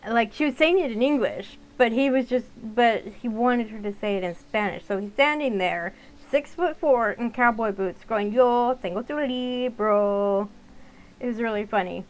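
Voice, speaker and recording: A woman's voice: on the high side, animated, normal speed, hardly any pauses, low-quality recording. A young woman narrating a visual novel and chatting casually between lines, with fillers. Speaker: gaming channel host. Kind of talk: let's-play narration and casual commentary.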